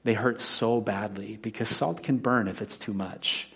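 A man's voice: lowish voice, a little slow, gravelly, a bit bright, slightly rough. Man preaching a conversational sermon. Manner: conversational preaching with personal anecdotes. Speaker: pastor.

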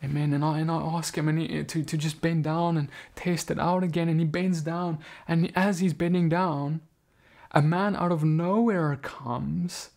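Earnest man with a gravelly voice. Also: a little high, fairly even intonation, a little mellow. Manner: earnest, halting, with many restarts. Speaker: speaker giving a testimony. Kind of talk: personal testimony storytelling.

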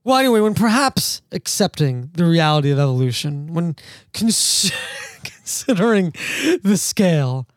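A man's voice: fairly high pitch, expressive, normal speed, no echo. A man hosting a podcast in casual chat, sardonic and rambling, laughing often. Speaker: podcast host.

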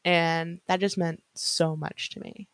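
A woman's voice: on the low side, steady tone, slow pace, no room sound. A woman co-hosting a casual podcast, talking earnestly about her life and laughing often. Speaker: podcast co-host.

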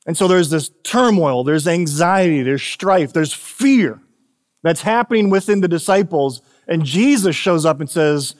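Chatty pastor in a reverberant hall. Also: male voice, a little high, expressive. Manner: chatty, laughing asides, frequent "right?" tag questions; slows down and lifts his voice for scripture readings. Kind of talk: casual conversational sermon.

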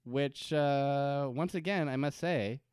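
Joking podcast host recapping a show. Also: male voice, medium pitch, slow, a little mellow, smooth, no room sound, studio quality. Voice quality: profane, laughs often. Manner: joking, acts out quotes in silly voices. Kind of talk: casual recap chat.

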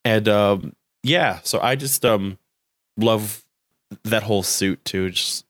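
A young man co-hosting a casual chat, rambling with lots of filler words and lively quoting. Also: on the low side, slow, no echo, clean studio sound. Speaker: podcast co-host.

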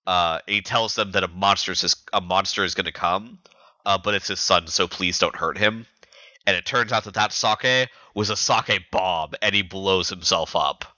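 A man's voice: deep voice, pushed and bright, dry recording, lo-fi sound. A man co-hosting a podcast, casually recapping chapters in a rambling way with lots of fillers and restarts. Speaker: podcast co-host.

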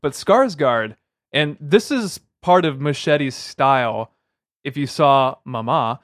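A man in a casual film-review chat, talking in an animated, opinionated way with playful asides. His voice sits at an ordinary pitch for a man and is recorded close and dry. No room sound comes through. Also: slow pace, dry recording. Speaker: podcast co-host.

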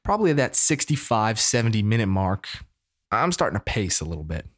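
A man in his thirties from the United States, telling a story casually in an animated, preacher-like way. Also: fairly low pitch, brisk. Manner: animated, preacher-like call-and-response.

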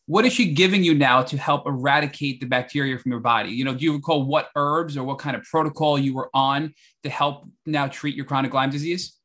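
A fast, bright-voiced man hosting. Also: mid-range voice. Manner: enthusiastic, apologetic interruptions, recapping. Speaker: podcast host. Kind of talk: interview questions.

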